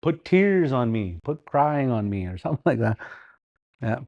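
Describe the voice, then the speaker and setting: A middle-aged man teaching a livestreamed language class, repeating words slowly, chanting song lines and laughing often. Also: medium pitch, big pitch swings, no room sound, lo-fi sound.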